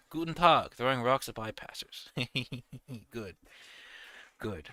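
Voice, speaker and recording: A man's voice: medium pitch, animated, slow, pushed and bright, no room sound. A young man giving casual gameplay commentary, rambling and ranting animatedly. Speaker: gaming video creator.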